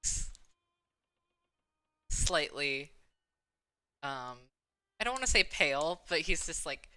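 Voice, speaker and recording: Low-voiced, bright-toned woman player. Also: big pitch swings, slow pace. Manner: hesitant, giggly, describes her character's actions. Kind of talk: casual tabletop play.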